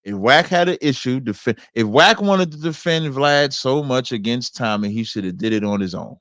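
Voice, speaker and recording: A man's voice: mid-range voice, lively intonation, normal speed, fairly bright tone, dry recording. A man hosting an online show, giving casual commentary in a plain-spoken, emphatic, lecturing way. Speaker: host.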